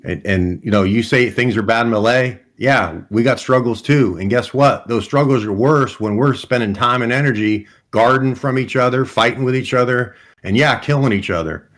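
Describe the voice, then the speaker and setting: A man's voice: mid-range voice, normal speed, hardly any pauses, a bit bright, lightly acted. A man voicing an earnest adult male survivor in a tabletop game, making a blunt, persuasive plea for peace.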